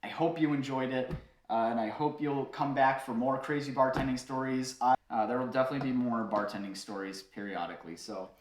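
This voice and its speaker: A man's voice: mid-range voice, brisk. A man casually telling a bartending story to his viewers, chatty, laughing often, with many fillers. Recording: roomy echo.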